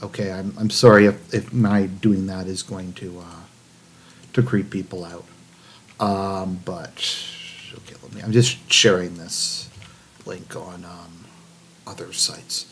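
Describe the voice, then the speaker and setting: A man's voice: sits low, fairly even intonation, slow pace, long pauses, sharp tone, slightly rough. A man hosting a political commentary livestream, reading an article aloud with sarcastic asides and lots of fillers and restarts.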